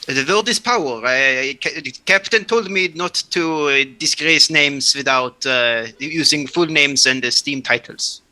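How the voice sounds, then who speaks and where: Guy playing a nervous frog sorcerer, very bright edgy voice, lots of uhs. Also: fairly high pitch. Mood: flustered. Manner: halting, full of filler words and stumbles. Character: Gilp, a grung frog sorcerer, hesitant and overly formal. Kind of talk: tabletop role-play in character.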